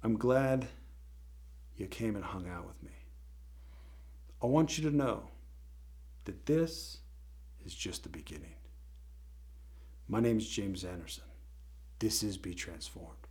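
A man's voice: fairly low pitch, takes it slowly, pauses often, darkish tone. A man hosting a faith-based teaching show gives a motivational talk in a conversational, emphatic way, often checking in with his listeners.

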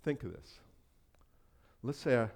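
A man's voice: medium pitch, sing-song, a little slow, gravelly, darkish tone. Pastor man preaching in a chatty way. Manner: conversational, acts out quoted voices, laughs often. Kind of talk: sermon.

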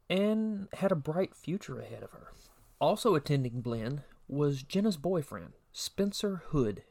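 A man co-hosting a true crime podcast, reading a prepared case summary with occasional personal asides. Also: fairly high pitch. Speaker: podcast co-host.

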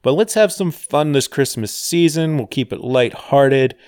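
A man's voice: mid-range voice, expressive, unhurried, darkish tone, clear, resonant tone, no echo, clean studio sound. A man hosting a podcast alone, chatting casually with wry, rambling, sarcastic asides. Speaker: podcast host. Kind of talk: casual solo podcast chat.

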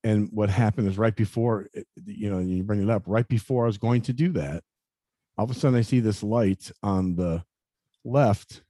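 Halting, earnest man in his fifties. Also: lowish voice, warm tone, no room sound, studio quality. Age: 50s. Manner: halting, repeats words, many "you know" fillers; earnest, confessional. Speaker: interview guest. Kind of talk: personal story in conversation.

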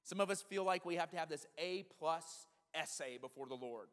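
A man in his thirties preaching a sermon as a pastor, in a conversational, animated storytelling manner. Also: on the high side, moderate pace, clean tone, big-room sound. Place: church sanctuary.

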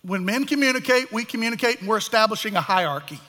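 A man preaching a sermon as pastor, animated and acting out the voices of the people in the story. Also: high voice, fast talker. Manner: animated, acts out voices of biblical figures. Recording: echoey hall.

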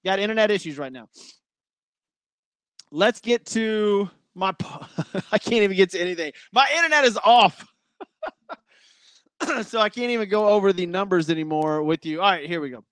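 Guy hosting a sports betting show, kinda high voice, dry close sound, rattles off picks. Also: normal speed, pauses often, clear, resonant tone, no room sound. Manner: loose, chatty, apologetic about glitches. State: breathing heavy. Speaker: sports podcast host. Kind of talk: casual sports betting talk.

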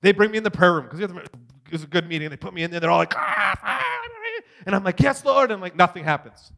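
Man, high voice, preacher, animated testimony, loud and hushed swings. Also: very fast, gravelly. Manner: animated storytelling, swings from shouting to near whisper. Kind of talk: testimony sermon.

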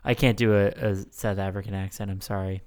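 A man's voice: fairly low pitch, level tone, fairly quick, a little mellow, clear, resonant tone. Rambling, crude podcast co-host, a man. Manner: rambling, crude, many fillers and restarts. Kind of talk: casual chat.

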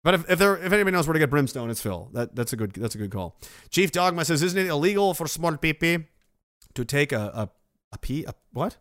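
A middle-aged man hosts a casual livestream and reads out his viewers' messages. He answers them with sarcastic, ranting asides and swears freely. His voice sits a little high for a man, and the recording is dry and close. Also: lively intonation, fast, fairly bright tone, no echo. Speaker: livestream host reading viewer donations.

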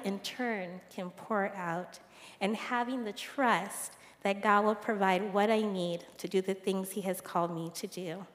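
A woman from the congregation reading out a calm, reflective personal testimony. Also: mid-range voice. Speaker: congregation member sharing testimony. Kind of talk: read testimony. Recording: reverberant church hall.

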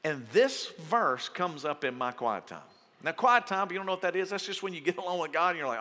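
A man preaching a storytelling sermon as pastor, animated, acting out quoted voices and laughing through his stories. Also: fairly high pitch, fairly quick, in a large hall. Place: large church auditorium.

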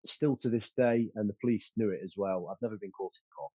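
Interview guest: man, low dark husky voice, confident and boastful, slightly muffled sound. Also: quick pace, no room sound. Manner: confident, boastful, frequent fillers and restarts. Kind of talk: casual storytelling.

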